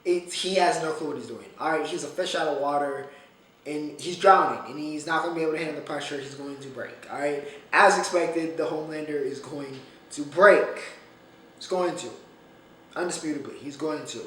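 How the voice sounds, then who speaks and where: A man's voice: on the high side, normal speed, a bit bright, recorded from a distance. A man hosting a casual solo podcast, talking animatedly and emphatically, often repeating phrases for effect. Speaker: podcast host. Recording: echoey room, off-mic, faint noise.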